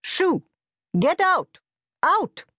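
A woman voicing a fussy, quick-tempered retired husband who grumbles back at his wife. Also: medium pitch, lively intonation, no room sound, clean studio sound, natural voice. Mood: shouting. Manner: indignant, grumbling retorts.

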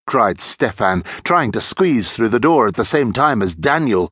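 A male narrator reads a children's story in an unhurried, expressive way. His pitch rises and falls with lively movement. The recording is dry and close, with no room sound. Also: breathy edge, no echo. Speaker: audiobook narrator.

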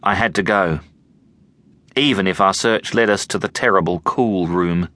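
A man narrating an audiobook in the first person, telling the story in an expressive, tense way. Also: sits low, moderate pace, dry recording. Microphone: close studio mic.

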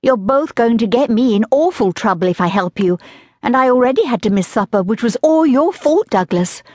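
A woman's voice: expressive, normal speed, no echo, studio quality. A woman narrator voicing a spirited, slightly peevish young girl in an audiobook. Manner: higher and brighter than the narration. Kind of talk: audiobook character voice.

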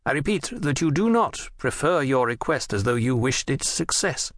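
A man voicing a young king who speaks with firm, measured authority in an audiobook. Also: mid-range voice, very animated, dry recording, clean studio sound. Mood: commanding. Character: young male king, firm and self-assured.

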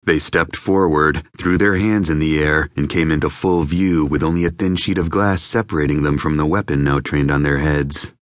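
A man narrating an audiobook in an even, measured reading voice. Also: very deep voice, no echo, studio quality. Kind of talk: scripted narration.

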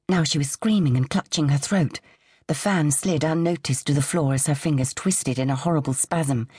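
A woman narrating a suspense audiobook in a measured, suspenseful way. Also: very deep voice, darkish tone, husky, no room sound, studio quality. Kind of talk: scripted narration.

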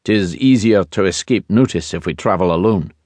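A gruff young Highland warrior with a Scottish accent, blunt and proud, as a male narrator plays him. He speaks low, terse and clipped in an audiobook romance. The voice sits close and dry. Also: normal speed, a little mellow, no room sound.

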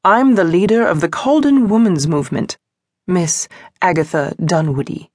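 A woman's voice: medium pitch, sing-song, brisk, darkish tone, no echo, clean studio sound, pitched above the performer's own voice. A woman narrator voicing a cold, stern suffragist leader who speaks in a clipped, emphatic way, in an audiobook.

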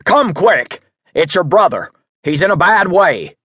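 A man doing a folksy older townsman, excitable and urgent, in a husky, raised voice. It is a storybook figure who calls younger men "boy" and "son," with a dry close sound. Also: medium pitch, unhurried, no room sound, heavily acted.

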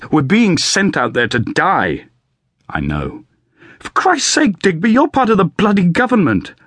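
A man's voice: lowish voice, normal speed, fairly bright tone, no room sound, clean studio sound. A man voicing a shaken young RAF bomber pilot recounting a crash, with clipped airman's slang. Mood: angry.

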